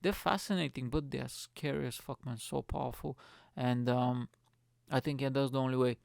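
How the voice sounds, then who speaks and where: A man's voice: medium pitch, steady tone, normal speed, gravelly, darkish tone, no room sound, clean studio sound. A young man hosting a podcast on his own, rambling and swearing as he mocks himself. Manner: sweary, rambling, self-mocking. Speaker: podcast host. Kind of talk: casual solo rant.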